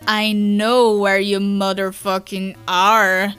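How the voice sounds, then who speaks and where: A woman's voice: mid-range voice, flat delivery, takes it slowly, a bit bright, clean tone, soft background music. A woman putting on a drawling, spaced-out troll boy. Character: mellow unhinged teenage troll boy, drawling.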